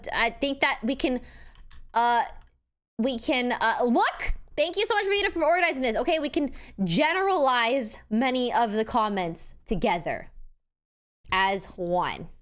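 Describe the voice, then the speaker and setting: A woman live streamer chatting casually, excitable and swinging between loud outbursts and quiet mumbles, grateful and playfully defensive. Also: a little high, unhurried. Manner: playfully defensive toward chat; warm and grateful, thanking people one after another.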